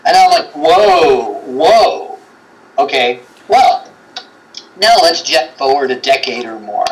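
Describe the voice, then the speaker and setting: Animated rambling male storyteller. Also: mid-range voice, moderate pace, slight background noise, poor audio. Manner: rambling, with lots of fillers and acted-out quotes. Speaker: guest, paranormal investigator. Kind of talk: animated storytelling in a livestream chat.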